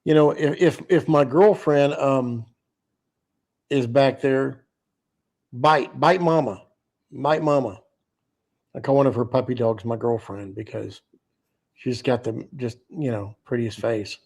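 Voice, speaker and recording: With a gravelly, darkish medium-pitched voice, this man hosts a casual live stream slowly and with long pauses. Tired and yawning, he rambles, swears without restraint, and reads the chat aloud.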